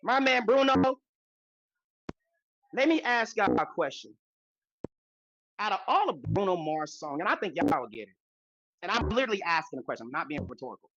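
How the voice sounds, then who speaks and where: Woman podcaster telling a story, lively, bright voice, swears a lot, says stuff twice for effect. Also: fairly low pitch, normal speed, long pauses, muffled recording. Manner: animated, repeats lines for emphasis, swears freely. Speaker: podcast co-host. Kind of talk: casual storytelling chat.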